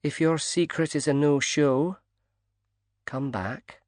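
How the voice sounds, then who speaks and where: A woman's voice: sits low, slow, a little mellow, dry recording, clean studio sound. A man reading a flirtatious, teasing woman in an audiobook. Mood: miffed. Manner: teasing, breezy. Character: flirty worldly woman, club regular.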